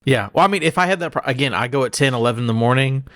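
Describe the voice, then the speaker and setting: A man co-hosting a casual podcast, chatting in a quick, offhand way. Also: mid-range voice, animated, a bit bright, dry recording, clean studio sound. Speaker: podcast co-host. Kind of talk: casual chat.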